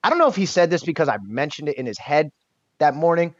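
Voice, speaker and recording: A man's voice: fairly high pitch, very animated, quick pace, no echo. Man, 30s, guest, raw candid storytelling with casual swearing, dry lo-fi sound. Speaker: podcast guest. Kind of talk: emotional personal storytelling.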